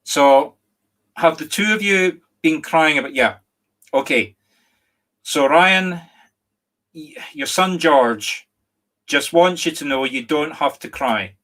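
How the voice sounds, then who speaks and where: A middle-aged Scottish psychic medium gives a live online reading in a voice on the high side, going slowly with frequent pauses. He speaks gently and apologetically, restarting often, and his emotion catches in his throat as he comes near tears at times.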